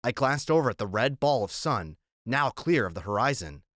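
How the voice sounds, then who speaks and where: A male audiobook narrator reads a novel in a middle-pitched voice at a measured, even pace. The recording is dry and close, with no surrounding room.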